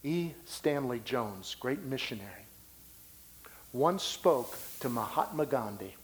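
A man preaching a sermon as pastor of his church. He delivers loud declarations and drops into hushed asides. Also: mid-range voice, animated, takes it slowly.

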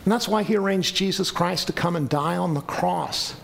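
A man's voice: sits high, normal speed, gravelly, a bit bright, a little hiss or hum. A man preaching a sermon to a congregation, earnest and pleading at times. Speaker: pastor.

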